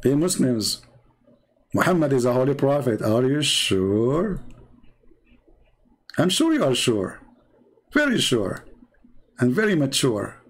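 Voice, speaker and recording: A man giving mocking, incredulous commentary as a religious debater, retelling his debates with lively emphasis. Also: mid-range voice, moderate pace, pauses often, slightly rough.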